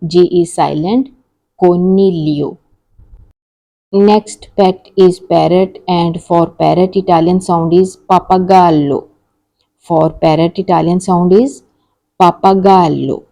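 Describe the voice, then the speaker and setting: Woman slowly drilling vocabulary. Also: lowish voice, dark tone. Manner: repeats each word slowly and carefully. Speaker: language teacher. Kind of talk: slow vocabulary lesson with repetition.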